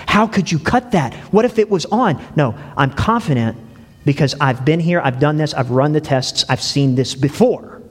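A man's voice: a little high, lively intonation, normal speed. A male pastor preaching a sermon in a conversational way, dropping in "you know" and "right?" and repeating words as he restarts. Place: church. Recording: long reverb of a church hall.

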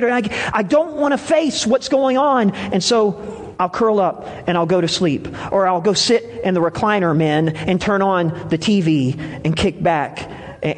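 A man's voice: high-pitched, long reverb tail. A man preaching a sermon, telling stories with emphatic rises and drops. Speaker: pastor.

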